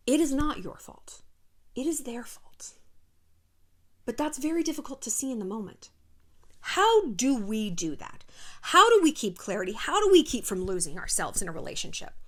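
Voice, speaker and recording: A woman's voice: a little high, sing-song, normal speed. A woman in her thirties hosting a casual commentary video, brash and sassy, swearing and acting out quotes. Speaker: YouTube host.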